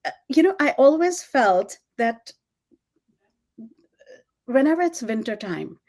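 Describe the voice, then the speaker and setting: A middle-aged woman from India with an Indian English accent, telling her story in an interview, animated and laughing often, with many fillers. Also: high voice, takes it slowly. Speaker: guest, fashion designer.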